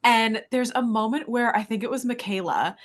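A woman co-hosting a podcast, telling stories in a lively, laughing way. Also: a little high. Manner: animated storytelling with quick laughs. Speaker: podcast co-host. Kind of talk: casual recap chat.

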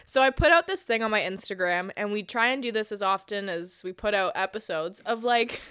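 A woman's voice: medium pitch, animated, a little fast, a bit bright, clear, resonant tone. A woman co-hosting a podcast in casual chat, playful and teasing, swearing casually. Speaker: podcast co-host.

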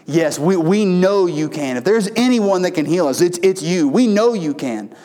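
A man's voice: sits high, expressive, normal speed, dark tone. A man voicing two blind men who plead earnestly for mercy during a sermon retelling.

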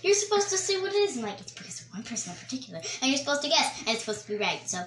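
A woman's voice: high-pitched, very animated, very fast, fairly bright tone, a little hiss or hum. A young woman who chimes in with teasing, cryptic remarks during a casual chat. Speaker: friend joining the host.

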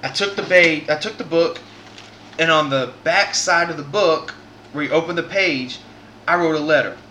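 Bright-voiced man telling a story. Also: on the high side, normal speed, slight background noise. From Southern United States. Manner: earnest, rambling, many restarts. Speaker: podcast host. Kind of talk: casual podcast storytelling.

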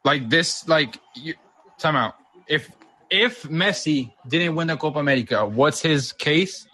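A man arguing fast and insistently in a casual podcast debate, rattling off statistics and pressing the others to convince him. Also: fairly high pitch, animated, bright, forceful tone, slightly rough. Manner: fast, insistent, combative, reels off stats. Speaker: podcast co-host.

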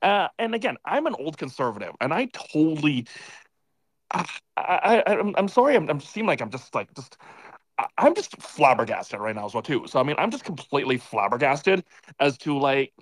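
A man's voice: on the high side, very animated, moderate pace, no room sound. A man calling into a live audio chat from a bar, a bit tipsy from beer, rambling and exasperated with lots of filler words. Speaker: caller.

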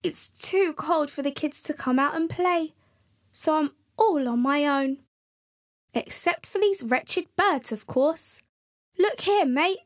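A woman's voice: high-pitched, slow, voice pushed up. A woman voicing a grumpy male snowman who moans and complains. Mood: moaning. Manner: moaning, complaining.

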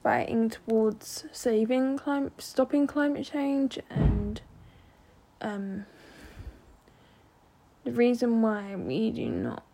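A woman's voice: on the high side, lively intonation, slow, vocal fry, warm tone. A young woman hosting her own podcast, talking earnestly with many ums and restarts. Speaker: podcast host. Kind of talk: solo podcast monologue.

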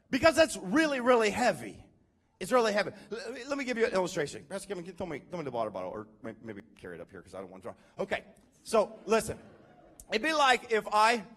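A male pastor delivers his sermon in a church, with a high voice that leaps up and down. He keeps it conversational and animated, firing questions at the room and drawing the crowd in. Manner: animated, conversational, calls out to the congregation.

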